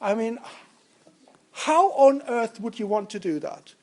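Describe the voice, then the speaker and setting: A man's voice: extremely high pitch, very animated, measured pace. A man lecturing students in a lecture room, jokey and interactive, often putting questions to the class. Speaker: university lecturer. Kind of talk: lecturing on statistics.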